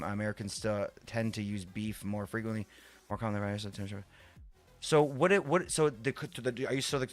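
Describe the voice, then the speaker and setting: A man live-streaming a game in casual chat who rambles, repeats himself and swears offhand. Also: lowish voice.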